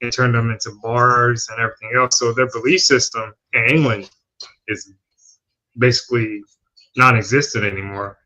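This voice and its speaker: A man hosting a casual podcast chat, excitable and quick to agree, going off on tangents. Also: mid-range voice. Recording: dull lo-fi stream audio.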